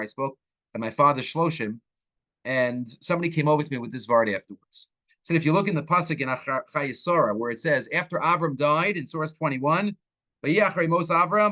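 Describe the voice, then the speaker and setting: Animated rabbi teaching, voice on the high side. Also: male voice. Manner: animated, acts out quoted speakers with swings in pitch; sprinkles Hebrew and Yiddish terms into English. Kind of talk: Torah class.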